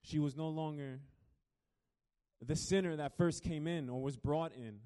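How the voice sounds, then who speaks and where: A man's voice: fairly high pitch, unhurried. Man preaching a dramatic sermon. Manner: dramatic storytelling, swings between soft and loud. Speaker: pastor.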